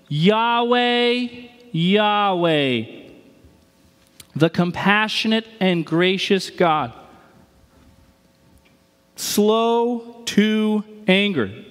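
A man's voice: high-pitched, long reverb tail. A man preaching a sermon in a casual, joking way, with sudden emphatic bursts. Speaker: pastor.

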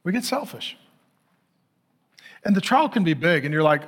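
High-pitched middle-aged guy preaching a sermon, jokey and candid about himself. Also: expressive, normal speed, pauses often. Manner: candid, self-mocking storytelling with laughs. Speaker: pastor.

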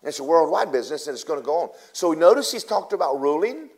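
A man preaching in a relaxed, folksy storytelling way. His delivery is animated, jumping from loud, high bursts down to near-whispers. He talks to the congregation like they're friends. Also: fast. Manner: animated, swings from loud to hushed; casual, folksy phrasing. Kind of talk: storytelling sermon.

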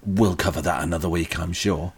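A man's voice: low voice, fairly even intonation, a little fast, slightly rough. A man, co-hosting a podcast in casual, rambling chat full of ums and hesitations. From England. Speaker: podcast co-host.

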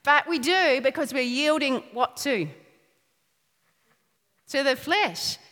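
High, bright-voiced woman preacher in a reverberant hall. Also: slow. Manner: lively, laughs often, playful asides. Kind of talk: sermon.

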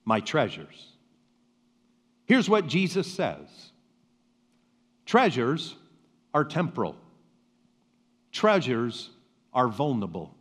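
A man preaching a sermon as a pastor, with slow, emphatic pauses and rhetorical questions. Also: mid-range voice, wildly swooping pitch, husky. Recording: reverberant hall.

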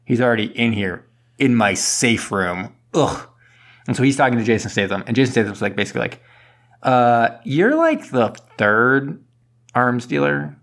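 A man casually retelling a movie plot on a podcast, rambling and dropping into quick character impressions. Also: mid-range voice, big pitch swings, a bit bright. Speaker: podcast co-host. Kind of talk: casual movie recap chat.

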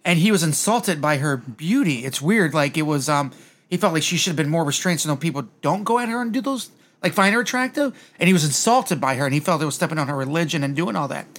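A man's voice: a little high, lively intonation, quick pace, a bit bright. A man hosting a podcast in casual chat, rambling through a story with frequent restarts. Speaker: podcast host.

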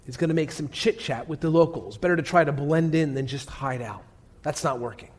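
A man preaching a sermon as pastor, telling the story dramatically and often dropping to a hushed voice, with direct questions to his listeners. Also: a little high, brisk.

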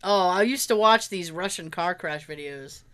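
A woman's voice: lowish voice, normal speed, clean tone. A woman chatting casually, telling funny stories, acting out what people said, laughing often and swearing freely. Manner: animated storyteller, acts out quotes, laughs often, swears. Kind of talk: casual chat.

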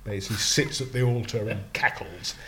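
Rambling, animated English man. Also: fairly low pitch, a little fast, a little hiss or hum. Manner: animated, digressive, many restarts. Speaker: slang lexicographer guest. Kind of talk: casual podcast discussion.

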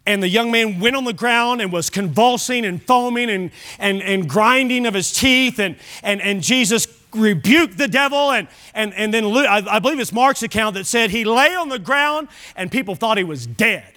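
A male pastor preaching a sermon, swinging from loud exhortation to hushed lines, with conversational asides to the congregation. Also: sits high, lively intonation, normal speed, few pauses.

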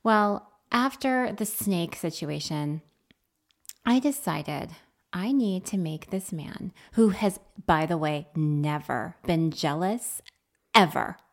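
A woman with a lowish voice and slow pace co-hosts a podcast with her spouse. She chats casually and tells animated stories, laughing often.

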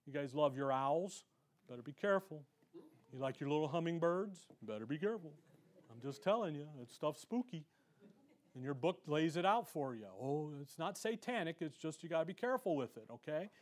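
A man teaching a verse-by-verse Bible lesson, firing off punchy rhetorical questions and reading scripture aloud. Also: fairly high pitch.

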